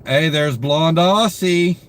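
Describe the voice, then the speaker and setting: A man's voice: a little high, takes it slowly, a bit bright, slight background noise. A tired young man hosting a casual live stream, greeting viewers by name and chatting with lots of fillers. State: tired, yawning. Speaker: livestream host. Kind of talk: casual live-stream chat reading comments.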